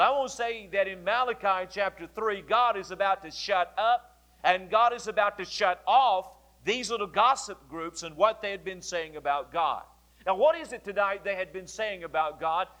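A male pastor preaching a sermon, explaining scripture in a deliberate way and repeating key phrases. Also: high voice, fairly bright tone.

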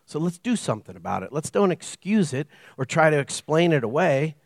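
A middle-aged man preaching a sermon as pastor, telling stories with animated delivery and acting out dialogue. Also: fairly high pitch, fairly quick, gravelly, no room sound, clean studio sound. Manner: animated storytelling, acts out dialogue.

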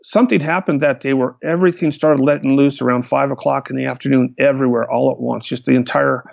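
A man, a hang glider pilot, recounting his flights in a lively storytelling manner. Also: medium pitch, fast talker, creaky, dry recording. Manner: animated, vivid retelling with restarts. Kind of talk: storytelling in a conversation. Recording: dull, lo-fi, dry sound.

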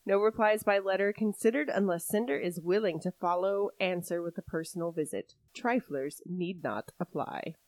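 A woman co-hosting a casual true-crime podcast, telling the story in an animated way and often laughing. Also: mid-range voice, fairly quick, hardly any pauses, dry recording. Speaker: podcast co-host.

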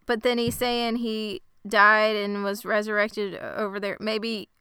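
A woman's voice: mid-range voice, level tone, slow pace, bright, forceful tone, clean tone, dry recording, clean studio sound. A woman co-hosting a podcast, recapping a TV episode in a wry, joking, casual chat. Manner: wry, jokey, questioning. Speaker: podcast co-host.

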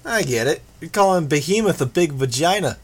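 A man's voice: a little high, lively intonation, a little fast, pitched above the performer's own voice. A man reading an audiobook, voicing a crude, snide teenage boy.

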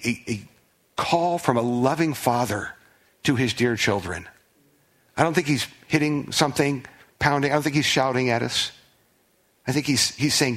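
A man's voice: mid-range voice, fairly bright tone. A man preaching a sermon as pastor, earnest, often repeating words as he restarts.

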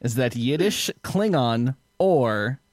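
Laughing podcast host with lively pitch. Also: male voice, slow, no echo. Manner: laughs often, restarts phrases. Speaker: podcast host running a quiz game. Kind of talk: casual podcast chat.

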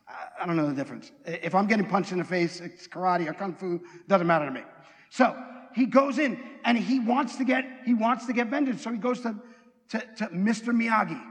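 A man preaching a sermon, telling stories in an animated way, with restarts and self-deprecating asides. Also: high-pitched, big-room sound.

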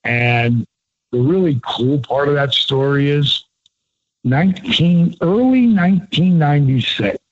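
A man's voice: on the high side, unhurried, muffled recording, background noise. A man in his sixties, a former pro wrestler and guest, telling stories with profanity and emphasis. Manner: profane, emphatic, laughs often. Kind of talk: animated storytelling.

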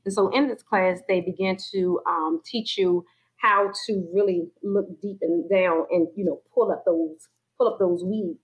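A woman's voice: medium pitch, fairly even intonation, unhurried, husky, muffled recording. A woman sharing a personal faith testimony in conversation, acting out her own inner voices as she tells it. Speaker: guest sharing her story.

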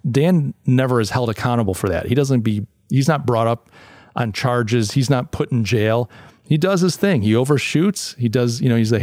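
Male solo host, casual review talk, lots of restarts, mid pitch, dry close sound. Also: normal speed, darkish tone, dry recording. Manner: conversational, restarts often, acts out quoted voices. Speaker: podcast host. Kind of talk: solo commentary reviewing a paper.

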